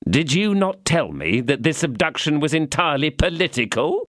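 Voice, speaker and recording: A man's voice: a little high, big pitch swings, normal speed, fairly bright tone, dry recording, studio quality, pitched above the performer's own voice. A man voicing a greedy, cowardly middle-aged mercer in an audiobook, speaking pompously and repeating grand phrases. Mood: smug.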